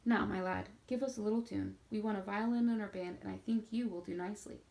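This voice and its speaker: A woman reading a storybook who voices a kind, motherly schoolmistress speaking gently to a boy. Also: mid-range voice, steady tone, fast, vocal fry, lightly acted, rough recording. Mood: cheerful. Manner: gentle, soothing.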